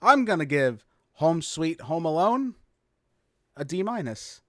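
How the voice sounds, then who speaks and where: A man's voice: on the high side, very animated, takes it slowly, heavy background noise. A man co-hosting a movie review show, blunt and exasperated as he picks the film apart. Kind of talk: casual review chat.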